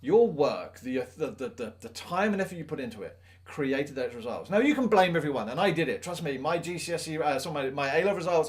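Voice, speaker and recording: A man's voice: fairly high pitch, expressive, fast talker, hardly any pauses. Earnest male teacher. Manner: earnest and emphatic, with self-mocking asides. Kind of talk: motivational talk to camera.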